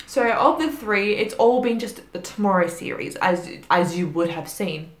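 A woman's voice: on the low side, a bit bright, echoey room. A young woman vlogging her monthly reading wrap-up in a chatty, self-deprecating way, with lots of fillers and little laughs. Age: young adult. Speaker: book vlogger.

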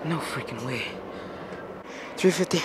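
A man's voice: a little high, measured pace. A young man vlogging as he climbs a long outdoor staircase, out of breath and amazed by the view. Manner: excited, breathless narration while climbing. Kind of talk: casual travel vlog. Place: outdoors on a tall rock staircase. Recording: loud crowd and outdoor noise.

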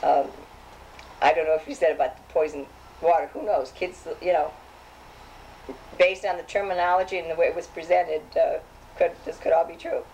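A woman's voice: fairly low pitch, steady tone, normal speed, pauses often, darkish tone, slight background noise, rough recording. An older woman reminiscing as she reads old clippings aloud, chatty and hesitant, with frequent restarts. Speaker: safety program founder.

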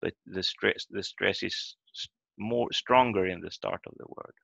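Male teacher on a video call, slow careful talk, repeats example words, dry close sound. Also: sits low, creaky, pushed and bright, slightly rough, no echo. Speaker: language teacher. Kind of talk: online language lesson. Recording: dull lo-fi video call audio.

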